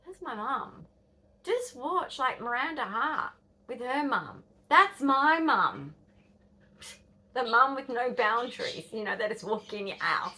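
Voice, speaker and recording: A woman's voice: fairly high pitch, expressive, unhurried, sharp tone. An Australian woman in her fifties telling a rambling, blunt story to camera, swearing and dropping into whispers. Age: 50s. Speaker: vlogger.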